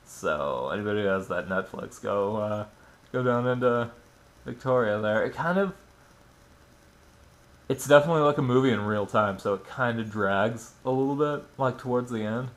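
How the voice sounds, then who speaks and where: A man's voice: medium pitch, moderate pace. A man giving a casual, rambling film review, full of fillers like "like" and "you know", with plenty of swearing. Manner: rambling, filler-heavy, profane. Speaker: movie reviewer.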